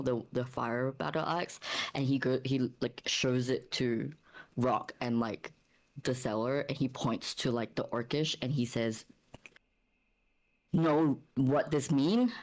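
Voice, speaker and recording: Rambling female player with a very low voice. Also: unhurried. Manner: rambling, full of "like". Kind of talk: describing her character's actions in a tabletop game.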